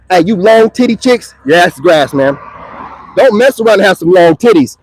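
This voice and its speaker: A man's voice: high voice, expressive, normal speed, darkish tone, no echo, low-quality recording. A young man ranting to the camera in a taunting, profane, mocking manner. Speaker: online video creator.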